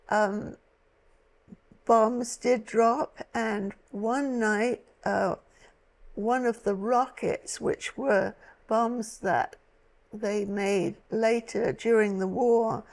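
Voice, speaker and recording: A woman in her eighties from London, slowly recalling her childhood in a halting way, often restarting her sentences. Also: a little high, darkish tone. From London, England. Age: 80s. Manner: slow, halting recollection with many restarts. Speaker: guest. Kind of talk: personal storytelling.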